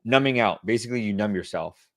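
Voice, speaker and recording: Fairly low in pitch yet a bit bright, this middle-aged man talks fast as he fields audience wellbeing questions in his webclass. He keeps a casual coaching tone full of fillers. The sound is dry and clean, as from a studio.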